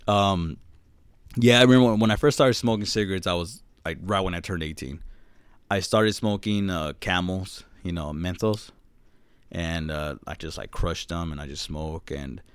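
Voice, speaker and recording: Podcast co-host, young man, low voice, laid-back and profane, dry close mic. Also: normal speed, clean tone, dry recording. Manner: laid-back storytelling, swears and laughs a lot. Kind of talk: casual chat.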